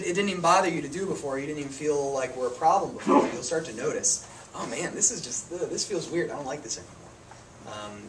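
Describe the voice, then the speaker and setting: A man giving a casual, conversational sermon, telling stories about himself with self-deprecating humor. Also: medium pitch. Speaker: preacher. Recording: distant mic with noticeable room noise.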